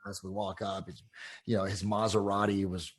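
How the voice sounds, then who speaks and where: A man with a low, husky voice tells stories from his coaching career in a loose, animated way. He leans on fillers like "you know" and "like", and he acts out the other people in his stories. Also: a little fast. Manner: casual, animated anecdotes with many fillers. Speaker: real estate coach. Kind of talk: interview storytelling.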